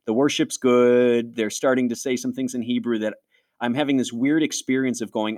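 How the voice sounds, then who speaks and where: A man's voice: medium pitch, steady tone, moderate pace, darkish tone. A man in his forties from Western New York, hosting and telling his personal faith story in an interview, earnest and reflective, often acting out his own past thoughts.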